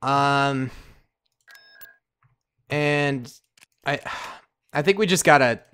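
A man giving casual, excitable, slangy commentary while playing a strategy game, talking to himself and his viewers. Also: mid-range voice, drawn-out words, smooth. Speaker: gaming commentator. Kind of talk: casual let's-play commentary.

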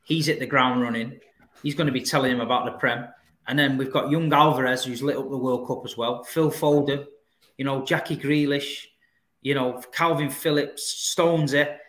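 A man's voice: mid-range voice, fairly even intonation, normal speed, a bit bright, roomy sound. A man hosting a casual football chat, talking in a laid-back, blokey way. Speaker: football channel host.

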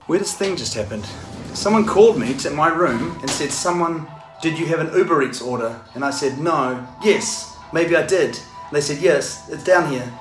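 A man vlogging casually to camera from a hotel room, chatty and excitable, laughing often. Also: on the high side, moderate pace, music in the background. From New Zealand. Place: hotel room during quarantine.

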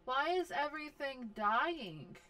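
A woman giving casual commentary over a life-simulation game, talking slowly and bossing her characters around in exasperation. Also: high voice, expressive, bright, forceful tone. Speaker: gaming video host.

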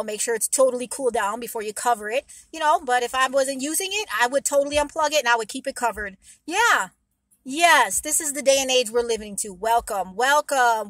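A woman's voice: sits high, sharp tone, no echo. A woman vlogger giving rambling, emphatic advice to her viewers in a casual monologue, blunt and sometimes swearing.

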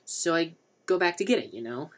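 A man's voice: fairly high pitch, animated, brisk, voice pushed up, lightly acted. A man voicing a sheepish, embarrassed young man who stammers and rambles through his story.

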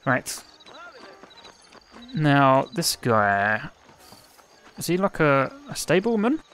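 A man's voice: mid-range voice, very animated, extremely slow, a bit bright. A man giving casual let's play commentary, chatty and musing, with hesitant restarts.

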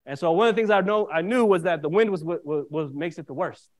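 A minister with a fairly high voice tells a personal story from the pulpit at a quick clip. He stays animated and keeps checking in with his listeners as he goes. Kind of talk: storytelling sermon.

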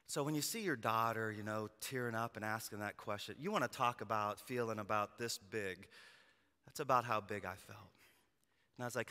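A male pastor preaching a sermon in a conversational storytelling way, swinging from loud emphasis to quiet, personal moments. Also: fairly low pitch, moderate pace, smooth, in a large hall. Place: church sanctuary.

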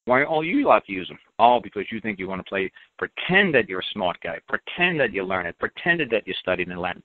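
A man's voice: lowish voice, sing-song, fast talker, hardly any pauses, no room sound. A man hosting a call-in radio show, talking bluntly and emphatically and repeating his points. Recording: dry, tinny phone-like audio.

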